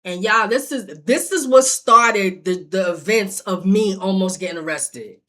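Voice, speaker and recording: A woman telling a story straight to her viewers, acting out the other voices, swinging from low mutters to loud outbursts and laughing as she goes. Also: a little slow. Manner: laughs while telling, addresses viewers directly. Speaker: storyteller vlogger. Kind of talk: animated storytime vlog.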